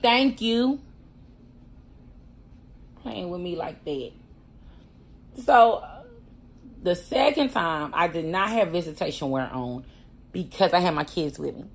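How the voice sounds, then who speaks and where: A woman, a pastor, telling a personal story in a casual vlog, animated and slangy, laughing often and talking straight to her viewers. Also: lowish voice, a little slow, pauses often. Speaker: pastor and prison wife.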